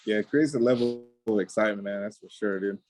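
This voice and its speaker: A man's voice: lowish voice, fast, a little mellow, soft background music. A man co-hosting a podcast in casual chat, easygoing, with fillers like "man" and "dude". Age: adult.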